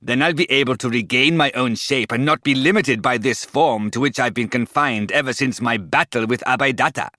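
A man voicing a cruel, gloating giant male serpent in a storybook reading, with a slow taunting delivery. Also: mid-range voice, pushed and bright, no room sound, clean studio sound, lightly acted. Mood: menacing.

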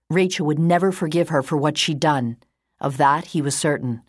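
A woman narrating a novel in a steady, composed storytelling manner. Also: deep voice, no echo, clean studio sound. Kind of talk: audiobook narration.

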